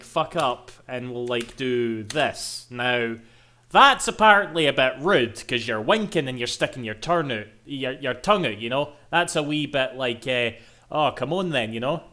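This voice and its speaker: A man's voice: medium pitch, bright, forceful tone. A man with a Scottish accent, rambling playfully and swearing as he streams a game. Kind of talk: casual gaming commentary.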